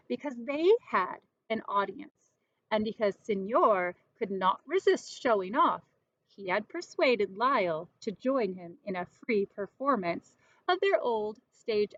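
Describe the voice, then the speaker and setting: A woman reading a children's storybook aloud in an expressive, lively way. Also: mid-range voice, dry recording, lo-fi sound.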